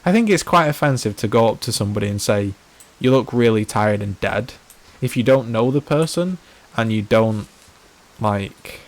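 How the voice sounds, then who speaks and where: A man's voice: lowish voice, animated, normal speed. A young man chatting casually on a live game stream, rambling, restarting his sentences and filling them with "like". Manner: rambling, repeats and restarts himself, many "like" fillers. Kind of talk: casual live-stream chat while playing.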